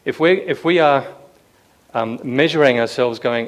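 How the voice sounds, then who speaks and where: A man's voice: mid-range voice, measured pace. A man preaching a sermon to a room, talking conversationally, asking the listeners questions and acting out quoted lines with a raised voice. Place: room with a live audience.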